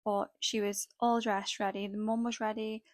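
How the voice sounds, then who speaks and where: A woman's voice: medium pitch, little pitch movement, moderate pace, no room sound. A young woman, a makeup artist, telling a dramatic gossipy story in a casual chat full of "like" fillers.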